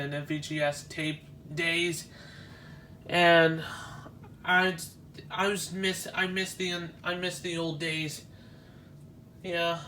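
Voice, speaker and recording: Guy walking round an exhibit, slow and halting, kinda high voice, faint room noise behind. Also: sharp tone. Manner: halting, restarts often, nostalgic. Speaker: vlogger touring an exhibition. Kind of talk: casual walk-through commentary.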